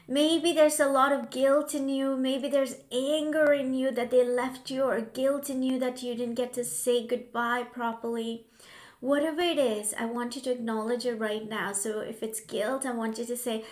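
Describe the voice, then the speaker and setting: A woman guiding a grief tapping session in a slow, soothing voice, now and then dropping to a soft whisper. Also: fairly high pitch, fairly even intonation, roomy sound. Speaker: healing coach.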